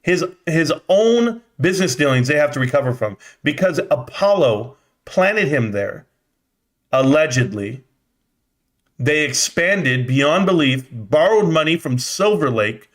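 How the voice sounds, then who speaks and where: A young man rants through a live stock stream, his voice sitting a bit higher than most men's. He swears, vents in disbelief and jumps way up in pitch when he gets worked up, then drops back to mutter at the chat. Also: lively intonation, unhurried. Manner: exasperated ranting, swearing, voice jumping up in disbelief. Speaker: livestream host.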